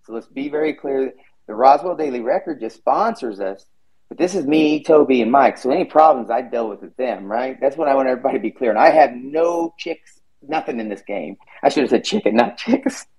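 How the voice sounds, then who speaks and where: A man's voice: mid-range voice, animated, fairly quick, crowd noise, poor audio. A man hosting a podcast, chatting casually and rambling, swearing freely. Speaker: podcast host. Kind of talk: casual chat.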